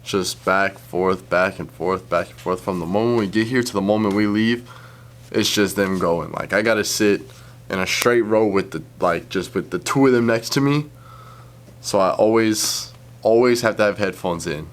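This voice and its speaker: A man's voice: lowish voice, moderate pace. A man coworker in a mockumentary interview, complaining wearily about his noisy neighbors. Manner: weary complaining. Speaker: office coworker. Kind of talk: mockumentary talking-head interview.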